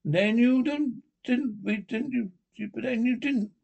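A man's voice: very high-pitched, unhurried, creaky, darkish tone, muffled recording, voice pushed up, full character voice. A man voicing a stern elderly male badger who lectures firmly, in a storybook reading. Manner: lecturing, firm.

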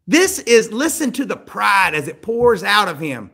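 A man preaching in a fairly high voice, throwing questions to his listeners and slipping into the voices of the people he talks about. His pitch climbs and his volume swells when he presses a point, then drops low for the grave parts. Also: very animated, normal speed, hardly any pauses, bright, forceful tone, breathy edge. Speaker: pastor. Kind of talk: sermon.

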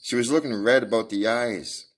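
A man's voice: medium pitch, moderate pace, natural voice. A man reading the part of a self-satisfied police detective. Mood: boastful. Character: Gregson, proud male police detective.

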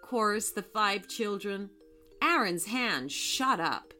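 A woman narrating a children's story in an expressive, unhurried way. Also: mid-range voice, soft background music.

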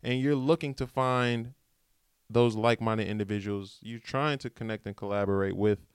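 A man's voice: lowish voice, moderate pace, clean tone, dry recording, clean studio sound. A man hosting a podcast, giving a casual, rambling motivational monologue in slangy American speech. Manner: animated, rambling, slangy pep talk. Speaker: podcast host.

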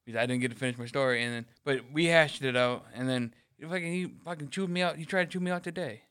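A man's voice: medium pitch, fast talker, fairly bright tone, smooth. A man telling a rambling workplace story in casual chat, swearing freely and acting out what others said. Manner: mimics others in quoted lines. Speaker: podcast co-host.

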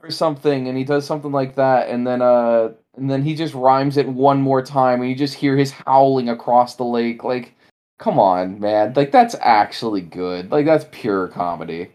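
A woman co-hosting a podcast, chatting casually and in a rambling way about a movie, acting out lines. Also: moderate pace. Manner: animated, rambling, acts out lines in high voices. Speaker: podcast co-host. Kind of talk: casual movie review chat.

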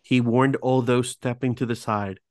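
A man's voice: medium pitch, fairly even intonation, a little slow, no echo, studio quality. A man hosting a podcast, reading prepared narration with casual asides and stumbling over foreign words. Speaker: podcast host.

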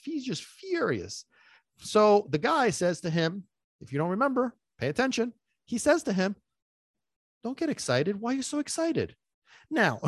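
Host: male dog trainer, animated and a touch high-pitched, dry close mic, lots of rhetorical questions. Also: no room sound. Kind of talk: casual podcast monologue.

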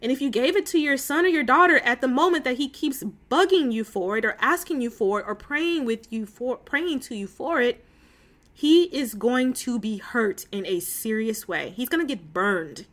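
A woman's voice: on the high side, lively intonation, moderate pace, fairly bright tone. A woman hosting a casual faith talk on a call, earnest and emotional, chatty with many fillers and asides. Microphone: phone call.

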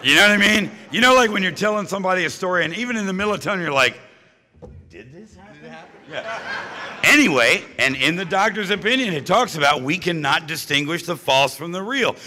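A man's voice: sits high, lively intonation, quick pace, sharp tone. A man speaking at a recovery meeting, telling his own story with humor and punchy jokes. He keeps checking in with the audience by asking "right?" and "you know?". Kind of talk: humorous personal-story talk to a live audience. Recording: live talk with long hall reverb.

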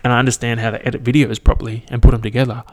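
A young man talks into his podcast mic on his own, rambling casually from one thought to the next. He swears freely and pokes fun at himself in a relaxed, unscripted way. His voice sits at an ordinary middle pitch for a man. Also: rapid-fire. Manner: rambling, swearing, self-mocking. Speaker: podcast host. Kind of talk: casual solo podcast chat.

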